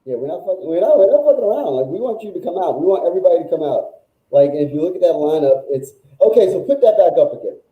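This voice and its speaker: A male music journalist, a guest on a talk show, telling stories in a casual, animated, rambling way that is full of "like". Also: high-pitched, fast talker, reverberant, phone-quality sound. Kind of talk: casual storytelling chat.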